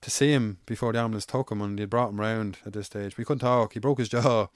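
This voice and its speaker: A man's voice: fairly low pitch, fairly even intonation, fast, no room sound, studio quality. An Irish man, an amateur MMA fighter, telling stories in casual, rambling, swear-heavy chat. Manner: swears freely, rambling anecdotal.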